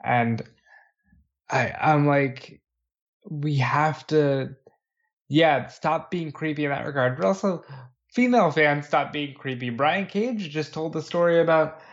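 A man's voice: a little high, a little slow. A man co-hosting a casual wrestling chat, retelling events with acted-out quotes. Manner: animated storyteller acting out quotes. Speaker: podcast co-host. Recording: dull lo-fi audio.

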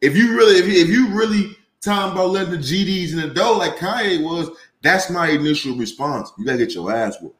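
A young man hosting a podcast, talking in a loose, profane, heated way. His voice sits a bit high for a man and swoops widely, climbing sharply when he gets worked up. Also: animated, fairly quick, fairly bright tone, husky. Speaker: podcast host. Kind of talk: casual podcast rant.

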